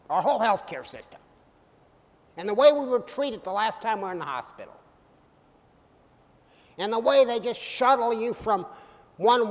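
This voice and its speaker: A middle-aged man preaching a sermon, animated and humorous, swinging from loud bursts to soft, quiet lines. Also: high voice. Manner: humorous asides. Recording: hall reverb.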